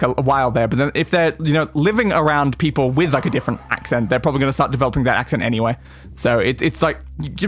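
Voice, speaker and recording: A male gaming streamer with a slightly high, fairly bright voice chats casually while playing a retro role-playing game. He rambles in typical let's-play fashion, with lots of fillers and restarts.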